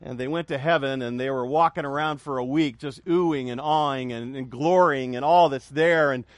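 A man's voice: medium pitch, moderate pace, no echo. A middle-aged male pastor preaching a sermon, with emphatic repetition, joking asides and call-and-response with his congregation.

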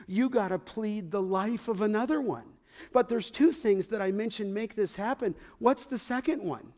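A middle-aged man preaching a sermon as pastor, emphatic, pausing to ask the congregation to fill in words. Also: sits high, a little mellow.

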